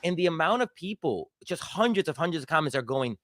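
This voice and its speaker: Man guest, talkative comedian, fairly high voice, dry studio sound. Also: sing-song, fast talker, a bit bright, dry recording. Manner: conversational, quotes others in put-on voices. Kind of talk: casual chat.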